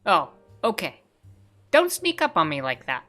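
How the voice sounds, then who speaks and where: A woman puts on a jittery, cranky little king who has not slept in weeks, blurting everything loud and nervous with a lively, swooping pitch. He is read aloud from a video game during a relaxed stream, with faint music playing under the voice. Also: measured pace, exaggerated voice. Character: cranky sleepless self-declared island king, male.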